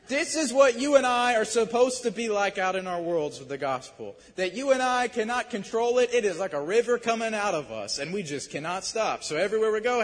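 A man preaching, telling a story in a casual, animated and self-deprecating way. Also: sits high, brisk, big-room sound. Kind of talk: sermon storytelling.

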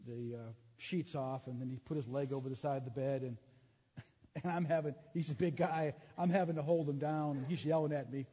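A middle-aged male preacher shares a personal testimony in an earnest, halting way, restarting his sentences often. His voice sits a little high for a man. The sound carries a long reverb from a large hall. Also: steady tone, mellow, husky. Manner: earnest storytelling with many restarts. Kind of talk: sermon testimony.

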